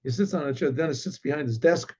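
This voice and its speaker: A man, a rabbi, telling a story in a halting way, with restarts and frequent throat clearing. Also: a little high, dark tone, muffled recording. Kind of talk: oral storytelling.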